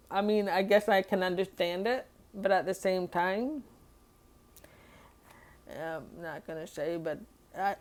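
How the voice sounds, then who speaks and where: A woman talking through a hard day in a personal diary vlog, rambling and emotional, with sighs and nervous laughs. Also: fairly low pitch. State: upset and overwhelmed. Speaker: vlogger.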